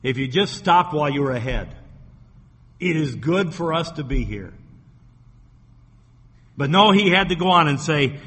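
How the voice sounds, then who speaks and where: A man's voice: a little high, animated, a little slow, pauses often, pushed and bright, slightly rough. A man preaching a sermon in a church, emphatic and repetitive, asking the congregation rhetorical questions. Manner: emphatic, repeats phrases for effect, asks rhetorical questions. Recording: long hall reverb.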